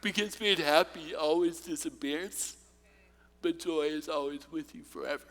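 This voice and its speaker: A man's voice: on the high side, moderate pace, fairly bright tone, long reverb tail. A man preaching a sermon, telling funny personal stories and then turning earnest and encouraging. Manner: humorous, personal storytelling. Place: church.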